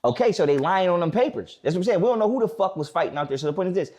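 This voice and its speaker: A man with a slightly raised pitch speaks in a casual podcast conversation. He is blunt and profane. He often restarts his sentences and slowly repeats the points he wants to drive home. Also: expressive, a little mellow. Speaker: podcast guest.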